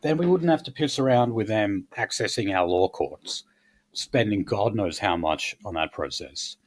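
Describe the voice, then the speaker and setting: Blunt rambling man, low voice. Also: expressive, moderate pace. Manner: blunt, crude, rambling with fillers. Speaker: podcast host. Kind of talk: casual political chat.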